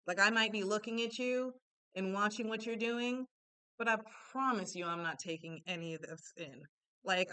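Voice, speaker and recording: A woman's voice: medium pitch, a bit bright, clean tone. A young adult woman giving a casual, chatty self-help talk, candid and full of asides.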